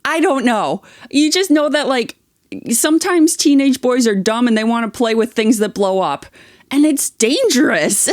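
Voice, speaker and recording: A woman's voice: on the high side, expressive, a little slow, darkish tone, dry recording, clean studio sound. A young adult woman co-hosting a podcast, reading online posts aloud and chatting with blunt, swearing opinions. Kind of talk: reading aloud and casual chat.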